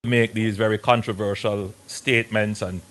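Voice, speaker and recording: A man with a somewhat low voice speaks slowly and with care, as in a public address. He sounds calm and formal.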